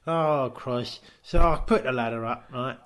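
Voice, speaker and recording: A man's voice: mid-range voice, a little slow. A man, co-hosting a comedy podcast and telling an absurd story, acting out the voices of the people in it. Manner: animated, acts out quoted voices. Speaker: co-host. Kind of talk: comic storytelling.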